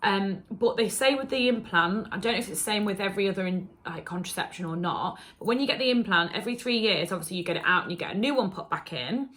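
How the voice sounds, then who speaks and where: A young woman talks straight to her camera in a casual story-time vlog. Her voice is bright and clear, and her delivery is chatty, candid and openly emotional. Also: medium pitch, quick pace, few pauses. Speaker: beauty vlogger.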